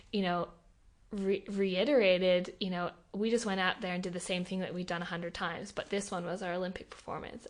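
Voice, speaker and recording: A young Australian woman, a podcast guest, telling her story in an animated, emotional way with lots of fillers. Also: fairly low pitch. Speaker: podcast guest, Olympic athlete. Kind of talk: casual interview conversation.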